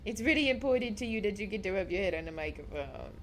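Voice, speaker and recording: There's slight background noise as a young woman streams a game from home, speaking quickly and animatedly at medium pitch into a desk mic. She gushes emotionally to chat and baby-talks her pets.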